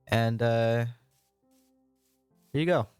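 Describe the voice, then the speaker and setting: A man's voice: medium pitch, very slow, darkish tone, smooth, dry recording, soft background music. Rambling self-deprecating American man. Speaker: Minecraft building let's-play creator. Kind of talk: casual narrated gameplay commentary.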